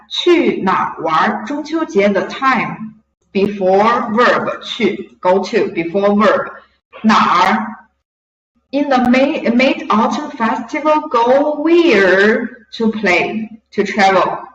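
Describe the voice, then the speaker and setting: Slow, patient woman teacher. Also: fairly high pitch, fairly bright tone, slight background noise. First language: Mandarin Chinese. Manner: slow, patient explaining, switching between English and Mandarin. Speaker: Chinese teacher. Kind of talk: language lesson explanation. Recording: echoey, distant, dull lo-fi room recording.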